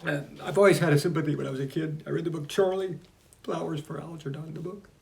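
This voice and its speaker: Male author, rambling casual commentary, raised gravelly voice, emotional, soft trailing asides. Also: fairly high pitch, steady tone, fast. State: choked up at times. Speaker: author reading and commenting on his own book.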